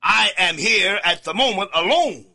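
Emphatic high-voiced preacher, slow and bright. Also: male voice, expressive, gravelly. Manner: emphatic, repeats key words, swings from shouts to low asides. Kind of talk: studio sermon reading scripture. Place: studio, alone.

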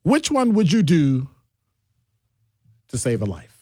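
A middle-aged man hosts a call-in radio talk show with a jokey, animated delivery. His voice sits a bit high and swings widely in pitch. The studio sound is dry and close. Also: slow pace, breathy edge, no echo.

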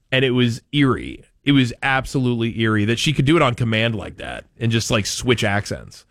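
A man's voice: medium pitch, expressive, creaky, no echo, clean studio sound. A man from Maine hosting a talk radio show in a chatty, rambling way. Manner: chatty, rambling, quick to joke. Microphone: studio microphone.

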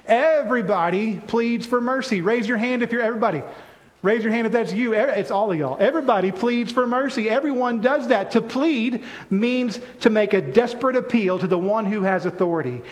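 A pastor preaches to his congregation, his voice pitched high for a man. He delivers the sermon in an animated way and keeps calling on the people in front of him to answer and take part. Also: fairly quick.

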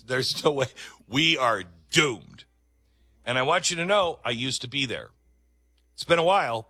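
A man hosting a commentary monologue, speaking emphatically and conversationally with dramatic pauses. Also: mid-range voice, sharp tone, dry recording. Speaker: talk show host.

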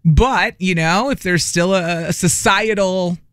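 A man's voice: high voice, unhurried, a bit bright, smooth, no room sound, clean studio sound. A radio morning show co-host in his forties, chatting casually on air and acting out family conversations as he tells a story. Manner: storytelling, acts out family dialogue. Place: radio studio.

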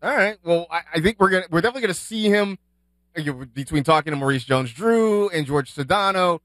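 A man's voice: a little high, animated, fast talker, fairly bright tone, dry recording. A man hosting a casual pregame sports radio show, upbeat and asking his co-hosts questions. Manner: upbeat, asks guests questions. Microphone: studio microphone, dry.

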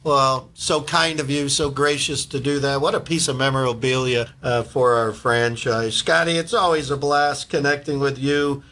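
Bright-voiced baseball interviewer. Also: male voice, medium pitch, level tone, moderate pace, hardly any pauses, slight background noise. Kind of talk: casual interview.

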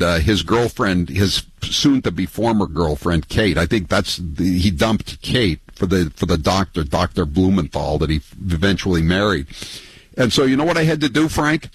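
Husky-voiced male radio host. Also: low voice, animated, normal speed, no echo, rough recording. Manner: rambling, mocking storyteller. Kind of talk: casual call-in radio chat.

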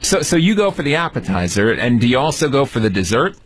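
Man, radio host, joking banter, animated pitch, slightly husky, dry studio sound. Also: quick pace, dry recording. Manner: playful, teasing.

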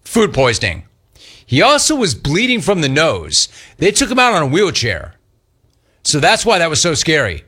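A man's voice: on the high side, huge pitch swings, normal speed, sharp tone, breathy edge. A man hosting a sports radio show, joking his way through commentary on a photo and laughing often.

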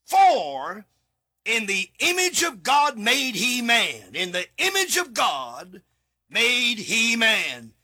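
High, husky, bright-toned male preacher. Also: wildly swooping pitch, takes it slowly. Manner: emphatic, repeats key words, bursts into shouts. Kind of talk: studio sermon with scripture reading. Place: studio.

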